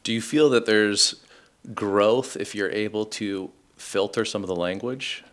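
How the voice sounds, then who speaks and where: A man's voice: fairly low pitch, unhurried. A middle-aged man hosting a podcast, speaking reflectively in casual conversation and telling personal stories. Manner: reflective storyteller, acts out quoted voices. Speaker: podcast host.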